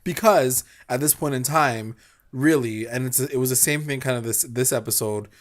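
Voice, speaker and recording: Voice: mid-range voice, moderate pace. A co-host of a casual TV recap podcast, talking enthusiastically with lots of "like" and some mild swearing.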